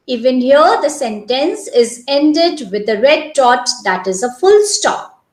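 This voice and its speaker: A woman teaches young children, speaking slowly and with care and pausing on rhetorical questions. Her voice sits high and moves a lot in pitch. The recording carries a noticeable room echo. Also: sing-song. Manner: slow, deliberate explaining with rhetorical questions. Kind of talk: classroom lesson narration.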